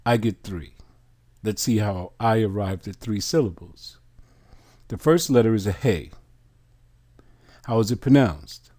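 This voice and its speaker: Male bible teacher, unhurried and deliberate, dark mellow tone, reads definitions aloud. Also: lowish voice. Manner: addresses listeners as brothers and sisters. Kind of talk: slow scripture study teaching.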